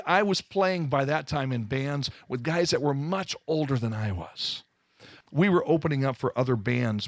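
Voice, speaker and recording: A man from Southern California telling his life story to an audience, animated and full of self-mocking humor. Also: a little high, no room sound. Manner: animated storytelling, acting out quoted voices. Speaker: speaker giving his testimony. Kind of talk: testimony to a live audience.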